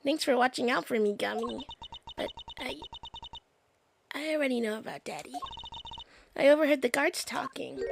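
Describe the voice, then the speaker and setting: A woman's voice: medium pitch, gravelly, noisy background. A woman voicing an earnest, sad little girl in game dialogue read aloud. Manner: earnest, childlike.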